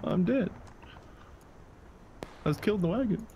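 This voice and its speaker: A man's voice: high voice, animated, moderate pace, mellow. A man co-hosting a gaming podcast, often confused and asking plaintive questions. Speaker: podcast co-host playing a war game. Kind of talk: casual gaming chat. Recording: clear game noise under the voice.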